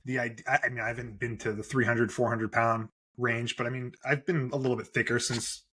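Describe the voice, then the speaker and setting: Man, podcast host, casual interview chat, even intonation, supportive. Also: medium pitch, a little fast, a little hiss or hum. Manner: supportive, frequent backchannel.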